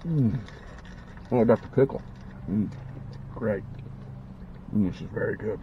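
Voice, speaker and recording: Speaking at a moderate pace in a steady voice that sits on the low side and has vocal fry, a man records a casual eating vlog. He savors every bite and talks with his mouth full, and the audio is dull lo-fi with slight background noise.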